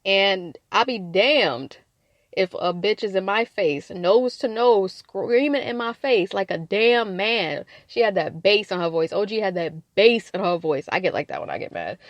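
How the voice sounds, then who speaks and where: A woman hosting a casual podcast that recaps a reality show, blunt and profane, animated, laughing in bursts. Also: mid-range voice, unhurried, dry recording.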